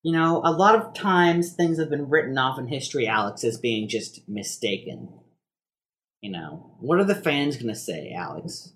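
A man's voice: mid-range voice, lively intonation, moderate pace, fairly bright tone. A young man co-hosting a podcast in casual chat, joking and rambling with lots of fillers and restarts. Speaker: podcast co-host.

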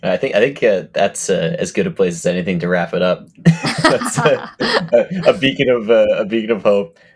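A man's voice: fairly low pitch, lively intonation, moderate pace, husky. A man co-hosting a film podcast, talking casually with many fillers and restarts. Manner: hesitant, many fillers, laughs often. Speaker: podcast co-host. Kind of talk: casual chat.

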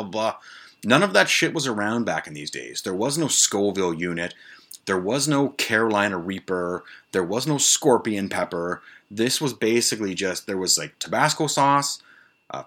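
A man's voice: low-pitched, fairly bright tone. A man hosting his own show, telling a personal story in a casual, rambling way full of swearing and side notes. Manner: profane, rambling asides. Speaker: podcast host.

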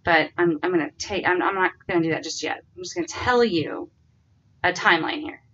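A woman's voice: lowish voice, brisk, fairly bright tone. A woman co-hosting a podcast, reading facts from her notes and rambling in a giggly, self-deprecating way. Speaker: podcast co-host. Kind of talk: casual chat, reading notes aloud. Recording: slightly dull lo-fi recording.

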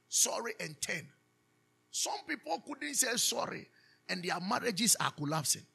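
Raspy high-voiced preacher man. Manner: animated preaching with call-and-response questions. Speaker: pastor. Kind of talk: sermon.

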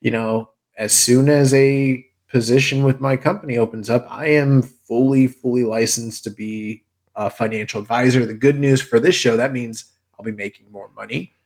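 A man's voice: mid-range voice, fairly even intonation, normal speed, darkish tone. A young man co-hosting a podcast in casual chat, rambling through stories, laughing often and swearing freely. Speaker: podcast co-host.

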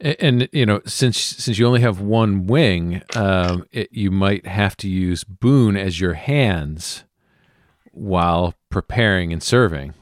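A man's voice: deep voice, slow pace, no echo, clean studio sound. A man playing a tabletop game, bantering wryly with the others. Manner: wry, lively banter. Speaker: player. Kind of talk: tabletop role-play banter.

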